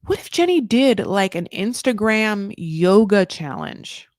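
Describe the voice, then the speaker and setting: A woman from California in her thirties with an alto voice, chatting casually as a podcast host, animated and swearing freely as she laughs and trails off mid-thought. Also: mid-range voice, measured pace, no room sound, studio quality. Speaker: podcast host recapping reality TV. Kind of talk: casual chat.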